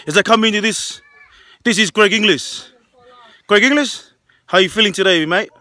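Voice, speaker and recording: A man hosting a family vlog, interviewing players and calling a pretend match like an excited live sports commentator. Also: high-pitched, normal speed, no room sound. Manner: excited interviewer, shouts chants and play-by-play.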